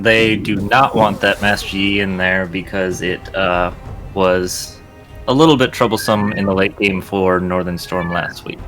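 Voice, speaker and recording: A low-voiced man calmly breaking down an esports draft. He talks in an even, analytical way. Light music plays underneath.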